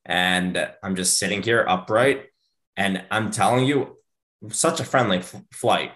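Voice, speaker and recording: At a measured pace, a podcast host in his thirties tells a story in casual conversation. He stays animated, dramatizing the quoted parts with sharp rises and falls in pitch.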